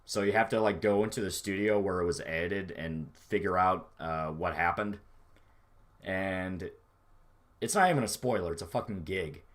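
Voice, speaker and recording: A man with a somewhat low voice talks through a relaxed livestream. He rambles loosely from one thought to the next and swears freely as he answers his chat. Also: moderate pace. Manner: rambling, profane, laid-back. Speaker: streamer reading chat.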